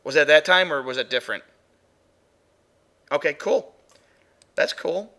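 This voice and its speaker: A man's voice: fairly high pitch, lively intonation, unhurried, sharp tone. A man hosting a live paranormal stream, chatting casually as he plays and reviews audio clips with his chatroom. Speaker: paranormal show host.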